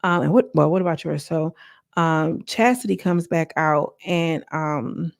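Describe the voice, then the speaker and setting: Woman reality-show reviewer, chatty and direct with viewers, low pitch with a raspy fry. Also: a little slow, no echo, studio quality. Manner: chatty, talks straight to viewers, acts out quotes. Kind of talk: casual recap commentary.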